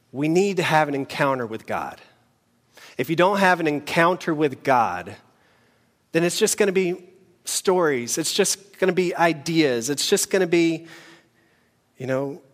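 A man preaching a sermon in an earnest, measured way, pausing between phrases. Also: a little high. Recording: long hall reverb.

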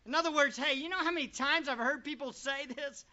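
A pastor preaching a sermon to a congregation, full of rhetorical questions and swinging between loud and quiet. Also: high voice, fairly quick. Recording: dull lo-fi recording.

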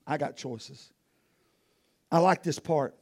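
A man with a high voice preaching a sermon outdoors in the wind. His delivery is folksy and animated, and he uses casual everyday grammar. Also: slow pace.

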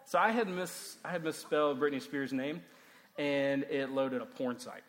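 A man in his thirties, a youth pastor, giving a casual, animated sermon full of stories and "like" fillers. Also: a little high, unhurried. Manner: animated, chatty, heavy use of "like". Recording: long hall reverb.

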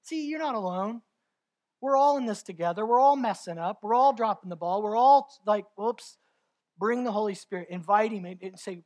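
A man's voice: sits high, moderate pace. Male pastor, passionate sermon delivery, confessional and heartfelt. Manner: passionate, rises to near-shouting in climaxes; confessional, candid storytelling.

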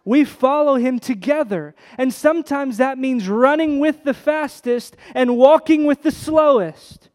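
Guy preaching a sermon, kinda high voice, goes from hushed to big and loud, long echo of a big hall. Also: slow. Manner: impassioned, swings from hushed to loud emphasis. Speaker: pastor. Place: church sanctuary. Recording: long reverb of a large hall.

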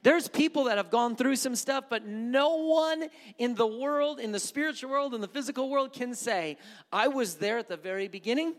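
A man's voice: very high voice, moderate pace, long reverb tail. A male pastor preaching a sermon in an impassioned way, repeating refrains.

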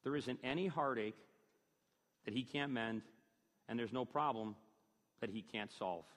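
A man's voice: medium pitch, measured pace. Man preaching in a reverberant hall. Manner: emphatic preaching, rising on key phrases. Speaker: pastor. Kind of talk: sermon.

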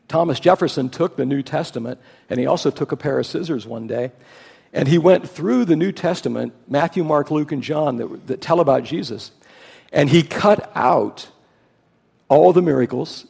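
A man preaching with a gravelly, slightly husky voice that sits a little high. He leans hard into his key points. His words ring out with long reverb in a large hall. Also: normal speed, darkish tone. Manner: emphatic, rising to stress key points. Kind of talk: sermon.

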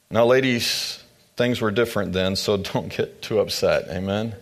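A man's voice: lowish voice, moderate pace. A male pastor giving a sermon, then reading a rhyming picture book aloud with asides to the congregation.

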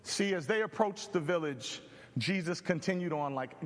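Man, pastor, sermon, joking storyteller, slightly high voice, long hall reverb. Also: moderate pace.

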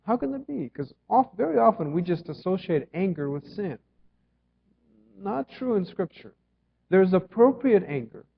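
A slightly high-voiced man preaching a sermon with earnest conviction. He presses some lines hard and lets others fall quiet. The sound is a little dull and rings with the long reverb of a church hall. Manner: earnest preaching, swings between emphatic and hushed. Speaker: pastor. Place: church sanctuary.

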